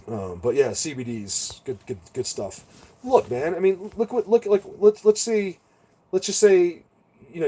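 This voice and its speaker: A man of ordinary pitch chatting loosely with his live-stream audience. He rambles from one story to the next, stumbling and repeating himself. His manner stays easygoing and friendly, and he laughs often at his own tales. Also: dark tone. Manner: rambling, with many restarts and stammered repeats; laid-back and chummy, laughing at his own stories. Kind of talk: casual live-stream chat with viewers.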